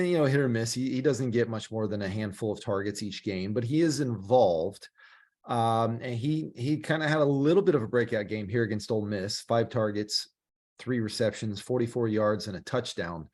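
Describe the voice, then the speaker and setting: A young man co-hosting a casual sports podcast, chatty and quick to laugh, with plenty of ums and restarts. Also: medium pitch, darkish tone. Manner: chatty, laughs often, many fillers and restarts. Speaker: podcast co-host.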